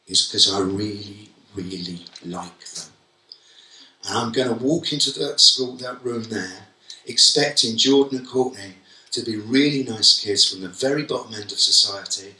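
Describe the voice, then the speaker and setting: A man's voice: medium pitch, pushed and bright, recorded from a distance. A man with a Cockney accent giving a humorous keynote talk, telling stories and acting out what people say. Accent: London Cockney. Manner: humorous storyteller, acts out quotes. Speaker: keynote speaker. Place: conference hall. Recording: echoey hall, voice from afar.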